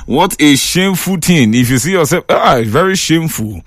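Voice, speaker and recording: A man with a Nigerian accent hosting a call-in radio show, teasing and exclaiming in lively chat. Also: a little high, normal speed, no room sound, studio quality.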